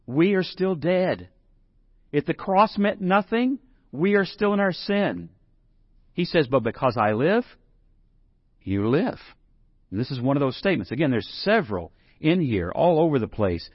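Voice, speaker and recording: A man's voice: a little high, no room sound, lo-fi sound. Conversational male pastor preaching, dry sound. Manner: conversational preaching, rising to emphatic scripture reading. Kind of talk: sermon.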